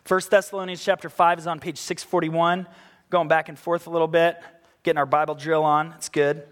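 High-voiced man preaching a sermon. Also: flat delivery. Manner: conversational preaching, reads scripture slowly and emphatically. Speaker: pastor. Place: church.

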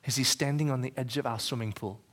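A man's voice: medium pitch, fairly even intonation, fast talker. Man preaching conversationally to a congregation. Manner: conversational preaching, asks the congregation questions, swings from quiet to shouting. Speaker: pastor. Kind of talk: sermon. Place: church.

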